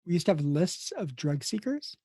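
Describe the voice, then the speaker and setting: A man's voice: high voice, very animated, moderate pace, warm tone, husky, no echo. A middle-aged man, an emergency nurse, telling blunt, rambling stories in a casual interview and acting out the people in them. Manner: rambling anecdotes acted out with quoted dialogue, blunt. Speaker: emergency nurse and podcast host, here the guest.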